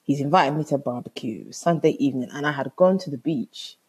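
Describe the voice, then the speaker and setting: Animated husky woman telling a story. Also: extremely low pitch, fairly quick. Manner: animated, exasperated, swears freely. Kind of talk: casual comic storytelling.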